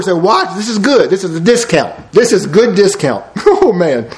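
A man's voice: sits high, very animated, normal speed, hardly any pauses, roomy sound, rough recording. A man preaching a sermon in a folksy, digressive way, telling everyday stories between Bible verses. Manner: folksy, digressive storytelling with y'all and ain't. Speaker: pastor.

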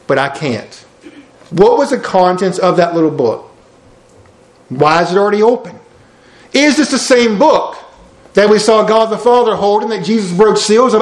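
A man preaching a sermon, folksy and emphatic, with lots of rhetorical questions. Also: high-pitched. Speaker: pastor. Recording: roomy church hall sound.

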